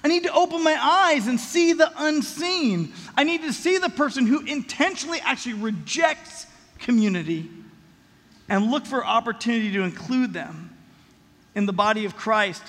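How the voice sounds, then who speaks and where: High-voiced pastor preaching in a reverberant hall. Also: male voice. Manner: animated, acts out voices of characters. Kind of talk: sermon.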